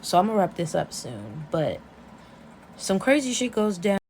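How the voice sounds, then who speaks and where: A woman vlogger in a casual, excitable rant, retelling a webcomic plot with plenty of swearing and outbursts. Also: on the low side, normal speed, a little hiss or hum. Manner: excitable and profane, storytelling with gasps and outbursts.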